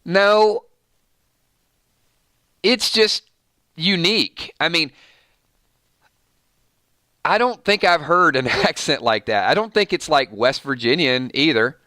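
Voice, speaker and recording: A man's voice: fairly high pitch, lively intonation, slow pace, pauses often, bright, forceful tone, dry recording, studio quality. A man with a Georgia accent, casually hosting a live stream and reading viewer chat in an easygoing, folksy way with frequent chuckles. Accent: Georgia, US South. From Georgia, USA.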